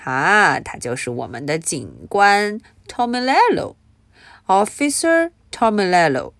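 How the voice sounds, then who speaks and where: A woman's voice: medium pitch, slow, dry recording. A woman teaching through a storybook, reading aloud and explaining it, often asking her listeners questions. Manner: expressive, asks listeners questions.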